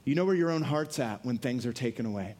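A man preaching a sermon, lively and earnest, dropping his voice low for emphasis and acting out quotes. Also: fast talker. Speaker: pastor.

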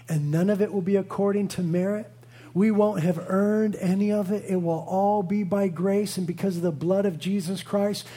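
A man's voice: sits high, warm tone, husky. A man in his thirties, a pastor preaching a sermon, telling a family story with playful asides and earnest conviction.

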